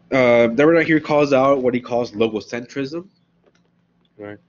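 This is a recorded philosophy class where a man speaks at a measured pace in a mid-range voice. His style is chatty, and he checks in with "right?" as he walks through ideas, all captured on a dull, lo-fi recording.

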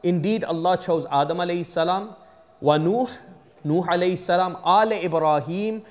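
Male imam, London accent, pitched a bit high; chatty teaching sermon that often checks in with the room. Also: normal speed. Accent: London English. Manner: conversational teaching, frequent "okay?" checks with the audience; switches into Urdu and Arabic phrases. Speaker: imam giving a mosque talk. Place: mosque hall.

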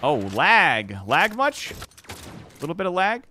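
Excitable gamer man over game gunfire. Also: sits high, unhurried, noisy background. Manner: excitable, reactive, swears freely. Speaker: gaming YouTuber. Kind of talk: live gameplay commentary. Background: video game gunfire and clicks.

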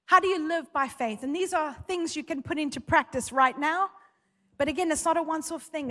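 A woman's voice: sits high, a bit bright. A woman preaching a sermon, fervent and emphatic, telling personal stories. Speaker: pastor. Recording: long hall reverb.

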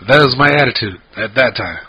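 This podcast co-host is a profane, rambling storyteller, speaking a little fast in a mid-range voice that's husky yet sharp. He sounds animated throughout, and the recording is dull lo-fi podcast audio.

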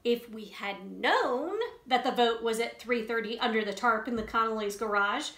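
A woman's voice: a little high, normal speed, fairly bright tone. A woman voicing a principled young hen who protests and gets exasperated. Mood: indignant. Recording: roomy echo.

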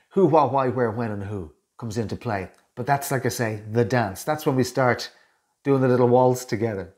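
Speaking at normal speed with a medium pitch and a somewhat dark tone, an Irish communication coach addresses the camera directly. His delivery is conversational as he shares coaching tips and performs both sides of everyday small talk.

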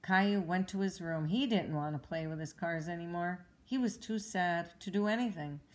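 A woman reading a children's storybook aloud at home, with clear, even, expressive narration. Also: lowish voice, moderate pace. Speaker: storybook reader.

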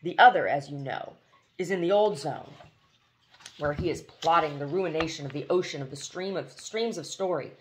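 A woman's voice: low voice, a little hiss or hum, natural voice. Woman reading as a grave, dignified warrior. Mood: solemn. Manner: measured, solemn.

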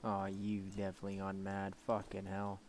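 A man's voice: sits low, monotone, normal speed, a little mellow. A young man streaming a survival game, swearing freely and bantering with his friend and chat in exasperated disbelief. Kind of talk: casual gameplay chat.

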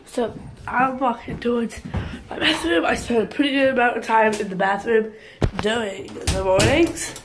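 Teen girl vlogging in the bathroom, kinda high voice, slow rambly chat, echoey room, mic far off. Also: fairly even intonation, noisy background. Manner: rambling, chatty, with fillers. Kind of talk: casual morning routine vlog. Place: bathroom at home. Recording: roomy echo, voice from a distance.

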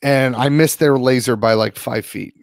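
A man's voice: medium pitch, moderate pace, vocal fry, no room sound, clean studio sound. A man co-hosting a podcast, telling a long story and swearing constantly. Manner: swears constantly, animated retelling. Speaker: podcast co-host. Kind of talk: casual profane storytelling.

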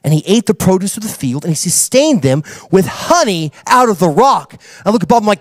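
A man preaching a sermon as a pastor, telling a story with acted-out dialogue and building to excited preaching. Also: high-pitched, a little fast, hardly any pauses, no echo. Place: church.

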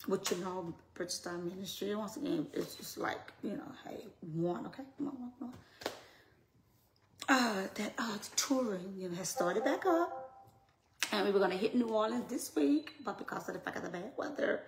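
A woman ministry leader speaks warmly and informally to her followers in a mid-range voice. She drifts into hushed near-whispers, then jumps into loud, laughing exclamations. The sound is roomy, with a faint hiss underneath. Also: medium pitch. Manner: emotional, swings between hushed asides and loud laughing outbursts. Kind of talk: casual address to followers.

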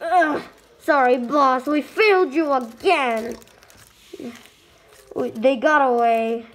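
A woman's voice: high voice, slow pace. A woman voicing a cowering male robot henchman who pleads and apologizes in a homemade stop-motion toy movie. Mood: pleading.

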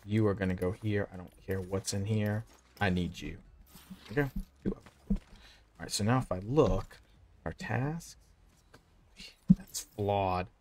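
A man in his thirties with a Southern American accent and a low, darkish voice talks unhurriedly, pausing often, with slight background noise. As a game streamer, he chats casually with viewers and himself while narrating his play live.

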